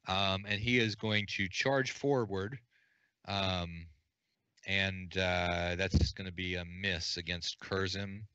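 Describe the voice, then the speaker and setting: A low-voiced man runs a tabletop game in a relaxed, chatty way. His tone is bright and forceful, and the sound is dry and a little dull. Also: slow, clear, resonant tone, no room sound. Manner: relaxed, chatty, thinking aloud with fillers. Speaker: game master. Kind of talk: running a tabletop game over a call.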